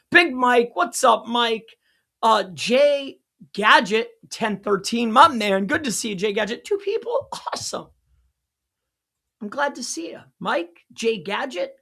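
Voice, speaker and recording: A man hosting a loose live teaching stream, jumping from point to point with bursts of excitement and laughter at his own jokes. His voice is husky and sounds worn and strained. He talks straight to his viewers in a casual, unscripted way. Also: high voice. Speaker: local SEO consultant and livestream host.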